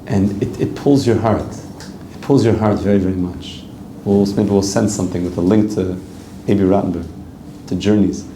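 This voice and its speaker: A man's voice: low voice, moderate pace, warm tone, echoey room, a little hiss or hum. A man, a rabbi giving an earnest, conversational Torah class, reading Hebrew text aloud and translating it as he goes. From Canada.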